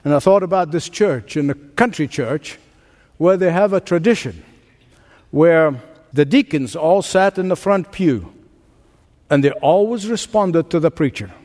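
A man's voice: fairly high pitch, animated, measured pace, a little mellow. Male pastor, earnest sermon delivery, church hall echo. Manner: earnest preaching with a joke story.

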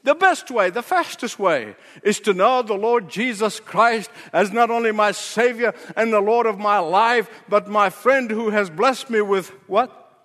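A man's voice: high voice, a little slow, a bit bright, long reverb tail. A male pastor preaching a sermon with an emphatic, repetitive cadence.

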